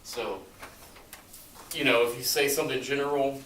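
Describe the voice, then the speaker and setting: A man's voice: medium pitch, fairly even intonation, normal speed, a bit bright. A man in a group discussion, talking casually and trailing off with hedges. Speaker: group member. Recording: echoey room from far off, faint noise.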